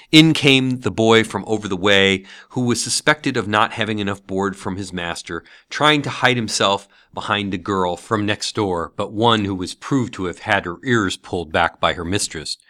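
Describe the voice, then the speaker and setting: A man reading a classic novel aloud as an audiobook, with expressive storytelling. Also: on the low side, normal speed, no room sound, clean studio sound. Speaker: narrator.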